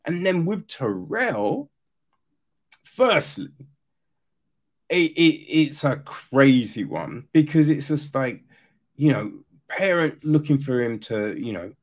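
A man giving a casual, animated critique of a film, swearing now and then and acting out quoted lines. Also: mid-range voice. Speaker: reviewer.

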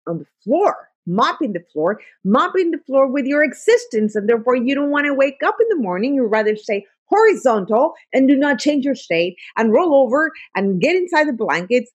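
A woman's voice: on the high side, big pitch swings, normal speed, husky, no echo, muffled recording. A woman life coach giving a motivational talk, emphatic and full of repeated affirmations.

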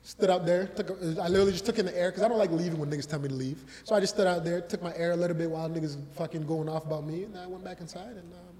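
Fast-talking high-voiced man telling stories. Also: long reverb tail, a little hiss or hum. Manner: animated, acts out quoted voices, frequent laughter. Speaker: comedian. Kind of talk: casual podcast storytelling.

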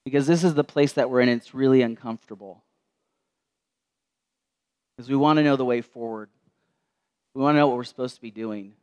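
A man preaching a sermon in a church, telling a story and dropping to slow, soft tones for quoted words. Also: medium pitch, clean tone.

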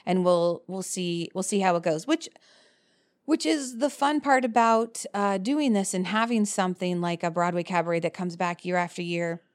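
A woman in her thirties, a cabaret performer, telling lively stories in casual chat and laughing often. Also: fairly low pitch, moderate pace. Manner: animated storyteller, laughs often.

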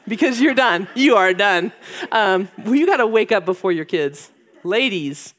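A woman's voice: a little high, sing-song, normal speed. A middle-aged woman giving a chatty, self-deprecating talk to a room of mothers, laughing often as she goes. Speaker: speaker at a women's gathering. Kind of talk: casual humorous talk to moms.

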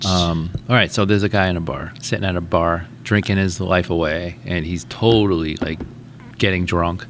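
A man with a very low, gravelly voice in loose casual chat, wandering through his thoughts and telling jokes in a meandering way. A faint ambience hums behind him. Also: fairly even intonation, moderate pace, a little hiss or hum. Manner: rambling, musing, tells jokes with voiced characters.

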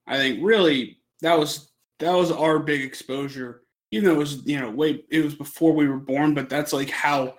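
Rambling, swearing young man. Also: a little high. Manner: rambling, swears a lot, laughs while telling stories. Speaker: podcast co-host. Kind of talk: casual podcast chat.

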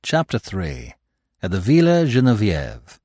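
Husky, animated male audiobook narrator. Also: fairly low pitch, unhurried, no echo, studio quality. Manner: expressive, voicing each character. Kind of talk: audiobook narration of a classic mystery.

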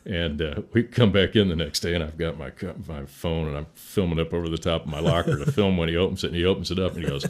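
A man's voice: low voice, fast talker. A middle-aged man, a veteran firefighter, telling folksy stories in a casual interview, laughing and acting out quotes.

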